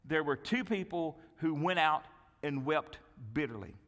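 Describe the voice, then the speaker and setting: A male pastor preaching a sermon, telling a Bible story with dramatic swings from loud, lively delivery to hushed, pleading tones. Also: a little high, unhurried, long reverb tail. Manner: dramatic storytelling, acting out Bible dialogue, dropping to hushed pleas. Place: church sanctuary.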